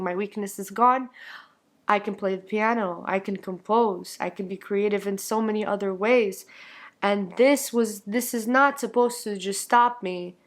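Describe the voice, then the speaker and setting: A young singer and content creator chats casually to her camera, her voice hoarse and lowered by laryngitis. She's earnest and reflective, laughing lightly between thoughts.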